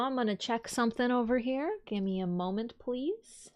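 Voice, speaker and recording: A woman streamer chatting casually to her viewers and cooing to her cat in soft, doting baby talk. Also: fairly high pitch, lively intonation, normal speed, lo-fi sound. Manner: coos and baby-talks to her cat, drifting between soft and bright. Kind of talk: casual livestream chat.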